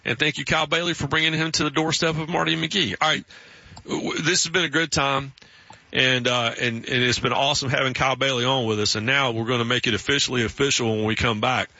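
Bright-voiced Southern American man host. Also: medium pitch, steady tone, fast, no room sound, lo-fi sound. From South Carolina, US. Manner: storytelling, laughs often. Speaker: sports radio host. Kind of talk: casual radio chat.

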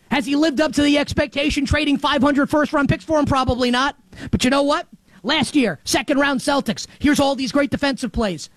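A man from New York hosting a sports show, delivering an animated, emphatic monologue that swings between loud highs and muttered lows. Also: no room sound. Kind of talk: excited sports commentary monologue.

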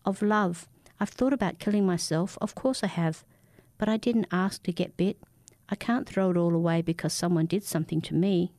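A woman voicing a frightened, desperate man who pleads for his life, rambling and rising in pitch as he begs. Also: moderate pace, a little mellow, no echo, clean studio sound, close to an everyday voice. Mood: pleading. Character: frightened desperate man, a cursed family father.

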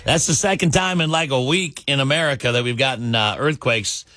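Animated male radio host telling a joke. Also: mid-range voice, a little fast. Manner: animated storyteller, acts out the bartender gruffly. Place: radio studio. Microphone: studio mic.

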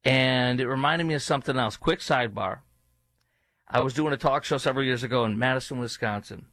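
A man's voice: mid-range voice, fairly quick, a bit bright, dry recording. A male talk show host giving opinionated commentary in a sarcastic, mocking manner, with rambling asides.

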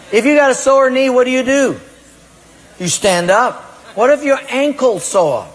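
Man, pastor, emphatic sermon, husky voice, long hall reverb. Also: very high-pitched, unhurried. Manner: emphatic preaching, acts out excuses in a raised voice.

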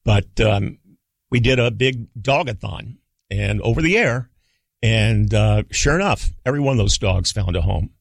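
Older guy telling old radio stories on a talk show, lots of ums and restarts, kinda gravelly. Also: lowish voice, animated, measured pace, dry recording. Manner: rambling, with many fillers and restarts. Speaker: guest, radio executive and author. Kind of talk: relaxed storytelling. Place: studio.

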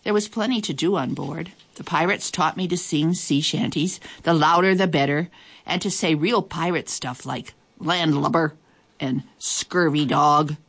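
A woman reading a children's story aloud in a lively, expressive way. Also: low voice, moderate pace, husky. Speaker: storybook reader.

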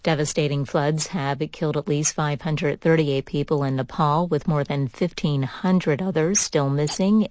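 A woman reads the news bulletin in a steady, measured delivery. Her voice sits low, and the studio recording is dry and close. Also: no echo. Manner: even, measured newsreading. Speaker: newscaster. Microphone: studio microphone.

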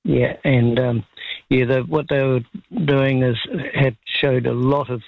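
Kiwi guy phoning in, gravelly voice, tinny phone line, lots of ums. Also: medium pitch, flat delivery, no echo. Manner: halting, polite, many fillers, chuckling. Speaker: caller. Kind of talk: phone-in conversation.

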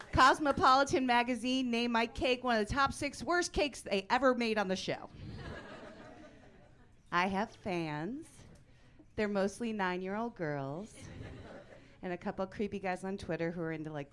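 A woman's voice: mid-range voice, a bit bright. A woman in her forties doing stand-up comedy in a brassy, punchy, self-deprecating way. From Italian-American.

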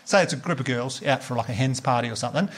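A man's voice: mid-range voice, rapid-fire, breathy edge. An Australian man doing a live stand-up set, chatty and laughing as he teases the crowd. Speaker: stand-up comedian.

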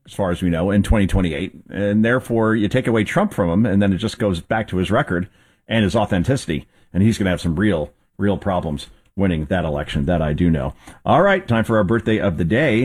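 Male host, low husky voice, casual rambling news commentary. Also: brisk, darkish tone. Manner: rambling, conversational, with fillers and restarts.

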